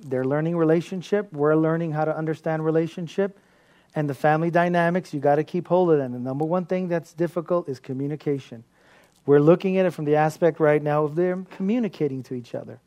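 Pastor, male, slightly high voice, animated sermon delivery with lots of laughter. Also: brisk. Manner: animated storytelling with frequent laughter.

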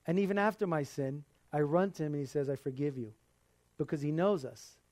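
A man's voice: a little high, brisk, darkish tone, dry recording. A man preaching a sermon in an earnest, conversational way, with the odd laugh.

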